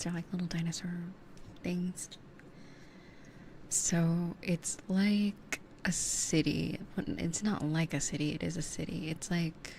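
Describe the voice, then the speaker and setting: A young woman whispers casual chat right up against a binaural ASMR mic. Her voice sits a little low for a woman, and she wanders loosely from thought to thought with plenty of fillers. A faint hiss runs underneath. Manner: soft whispering, rambling with many fillers. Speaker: streamer. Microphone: close binaural ASMR mic.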